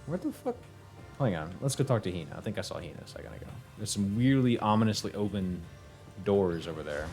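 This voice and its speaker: A young man talks through a game stream in a loose, chatty way, laughing, cursing and reading lines aloud. His voice sits a little low but swings up and down a lot. Faint game music plays behind him. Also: quick pace, vocal fry. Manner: animated, swearing, laughing, chatting with viewers. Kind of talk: casual let's-play commentary, reading game text aloud.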